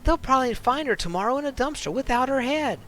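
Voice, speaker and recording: A man's voice: very high voice, lively intonation, fast, a bit bright, slight background noise, pitched above the performer's own voice. A man voicing an earnest young man who pleads urgently with an ex-girlfriend.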